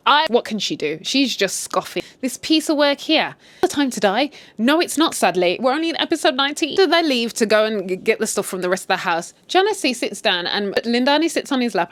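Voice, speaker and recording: A woman retelling a drama series in an animated, chatty way, adding her own commentary. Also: a little fast, no room sound. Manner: animated, chatty, swings in pitch for emphasis. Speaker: storyteller. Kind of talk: casual story retell with commentary.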